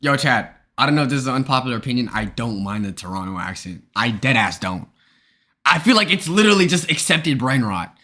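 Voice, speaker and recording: A young man hosting a live stream, chatting casually and jokingly with his viewers in an animated way. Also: mid-range voice, fairly quick. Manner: animated, joking, talks straight to chat. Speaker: streamer host.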